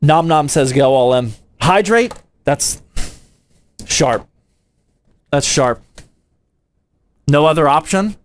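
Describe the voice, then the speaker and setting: A man's voice: a little high, lively intonation, slow, long pauses. Slangy young man streaming a PC build. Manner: slangy and playful, talks to chat, says "dude" and "man". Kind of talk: casual livestream chat while building a PC.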